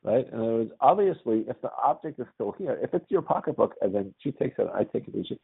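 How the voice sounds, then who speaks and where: A man's voice: medium pitch, expressive, quick pace, vocal fry, slightly rough. A man teaching a religious class in a conversational lecture style, often checking with his students by asking "right?". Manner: quizzes the class with frequent "right?". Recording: tinny phone-like audio.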